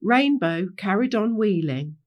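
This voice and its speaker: Expressive woman reading a children's story. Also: mid-range voice, measured pace, dull audio.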